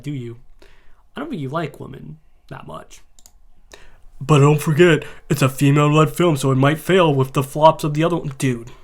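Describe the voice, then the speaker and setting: A man reacting to a video in casual commentary, sarcastic and mocking. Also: medium pitch.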